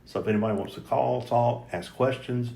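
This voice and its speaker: Gravelly low-voiced man, roomy sound. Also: steady tone, a little fast, warm tone, a little hiss or hum. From North Carolina. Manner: earnest, rambling, with frequent restarts. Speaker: mayoral candidate guest. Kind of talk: casual conversational interview. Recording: roomy echoey room.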